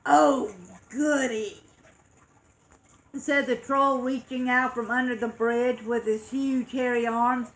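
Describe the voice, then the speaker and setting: High bright lady slowly reading a kids' story, super expressive with sound effects. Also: poor audio.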